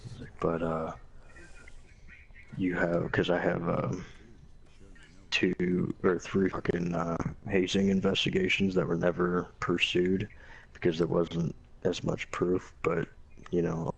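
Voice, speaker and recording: Young guy rambling a cuss-heavy story, deep and raspy. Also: little pitch movement, takes it slowly, dull audio, slight background noise. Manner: profane, blunt, quoting others animatedly. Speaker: former Marine telling a story. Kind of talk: casual storytelling.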